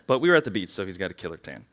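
A man's voice: low-pitched, a bit bright. A man in his thirties, nervous and rambling, opening a sermon in a casual, self-deprecating way with lots of filler words. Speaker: church speaker. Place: church sanctuary.

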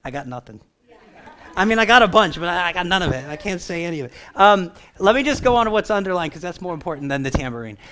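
A man preaching a sermon in a relaxed, conversational way, often checking in with the congregation. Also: sits high, quick pace. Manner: animated, conversational, asks the crowd for response. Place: church.

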